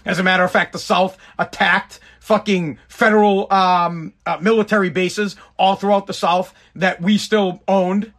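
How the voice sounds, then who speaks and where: A man from the United States delivers an exasperated, profanity-heavy rant straight to camera. His voice sits high for a man, and he repeats words as he pushes his point. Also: fairly even intonation, normal speed, few pauses, fairly bright tone. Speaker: vlogger. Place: Boston.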